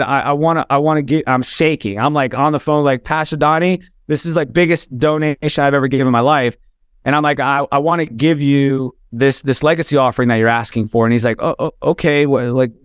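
A man's voice: on the high side, smooth, dry recording, studio quality. A man telling an emotional personal story as a podcast guest, earnest, with frequent restarts.

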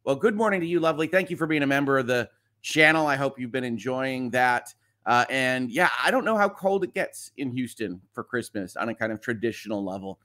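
Male stream host, casual chatty read of viewer messages, mid-pitch, relaxed and conversational. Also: fairly quick. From Midwest US. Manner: reads chat messages aloud, chatty, frequent "uh" fillers. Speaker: livestream host. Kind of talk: casual live-stream chat.

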